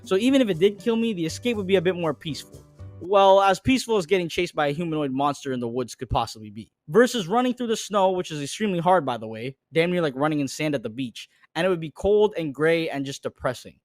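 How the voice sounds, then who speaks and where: A man narrating a comedic tier list, with crude jokes and deadpan asides. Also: on the high side, fast, dry recording, studio quality, soft background music.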